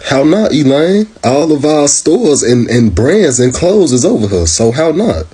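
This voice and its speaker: Husky sarcastic American man. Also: on the high side, sing-song, a little slow, dark tone. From United States. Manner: sarcastic, repeatedly addresses the clip, slangy. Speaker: commentator reacting to clips. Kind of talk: reaction video commentary.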